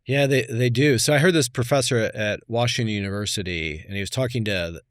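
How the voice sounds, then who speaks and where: A man in his fifties, a podcast guest, telling stories in a reflective, conversational way that often trails off softly. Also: medium pitch, brisk, no echo, clean studio sound. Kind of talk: casual conversation.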